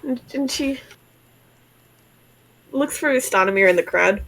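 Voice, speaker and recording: A woman's voice: fairly high pitch, lively intonation, a little slow, a bit bright, slight background noise, low-quality recording. A woman playing a tabletop game, describing her character's actions casually. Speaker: player.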